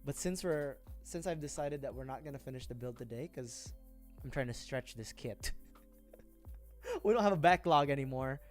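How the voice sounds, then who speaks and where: A man's voice: medium pitch, lively intonation, normal speed. A man livestreaming as he builds a model kit. He rambles casually, mutters to himself while he works and swears often. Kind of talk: casual rambling stream chat. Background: faint background music.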